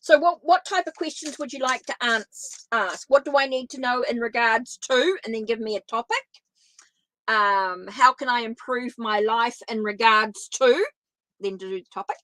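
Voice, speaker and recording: A woman's voice: fairly high pitch, normal speed, bright, forceful tone, no echo, low-quality recording. A woman from New Zealand with a Kiwi accent, giving tarot readings on a live stream in a chatty way that repeats itself and answers viewers. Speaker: tarot reader.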